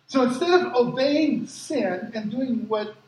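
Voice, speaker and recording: A man who grew up in Africa, preaching a sermon with lively personal stories and acted-out quotes, as a pastor. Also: extremely high pitch, unhurried. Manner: lively storytelling, acts out quotes. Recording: echoey hall from far off, faint ambience.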